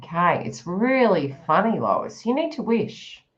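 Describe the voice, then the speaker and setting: Lively woman giving a chatty tarot reading. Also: fairly low pitch, a little slow, lo-fi sound. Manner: chatty, giggly, acts out the listener's inner thoughts. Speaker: tarot reader. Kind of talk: live-stream psychic reading.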